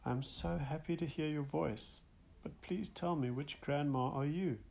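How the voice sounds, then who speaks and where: A man's voice: on the high side, moderate pace, vocal fry, a little mellow. A man reading the apologetic, questioning lines of his polite wife in an audiobook. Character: the narrator's polite, curious wife.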